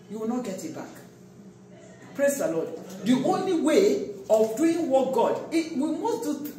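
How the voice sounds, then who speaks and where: A pastor preaches an emphatic sermon, pushing out loud calls and then dropping into quiet asides. The voice rings through a large, very echoey church hall and sounds some distance from the mic. A faint hum of room noise sits underneath. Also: medium pitch.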